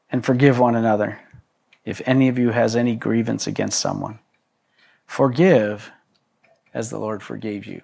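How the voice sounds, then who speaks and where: A man's voice: mid-range voice, moderate pace, vocal fry, long pauses, breathy edge. Chuckling man preaching a casual sermon. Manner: joking asides, chuckles, frequent restarts. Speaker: pastor. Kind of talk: conversational sermon.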